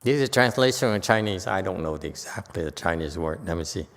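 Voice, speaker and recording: A man's voice: low voice, animated, fast talker, creaky, a bit bright. Chatty man teaching in an echoing hall. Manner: chatty, often checks in with "okay?"; joking asides. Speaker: Buddhist teacher. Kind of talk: dharma lecture. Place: temple lecture hall. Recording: long reverb in a hall.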